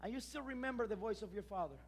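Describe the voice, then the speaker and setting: A male pastor, preaching a lively sermon full of restarts and emphatic rises. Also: high-pitched, very fast, long reverb tail. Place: church sanctuary.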